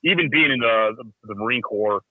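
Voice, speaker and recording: A man calling in to a talk show, telling stories in a quick, joking, animated way. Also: medium pitch, no room sound. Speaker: guest caller. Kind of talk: casual storytelling. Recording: tinny phone-like line.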